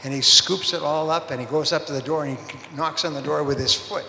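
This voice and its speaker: A man's voice: on the high side, fairly even intonation, a little fast, gravelly, pushed and bright, slight background noise. Man speaking in an echoing hall. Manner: storytelling, acts out dialogue with quoted voices. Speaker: sales speaker. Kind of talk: motivational seminar talk. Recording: roomy hall reverb, faint ambience.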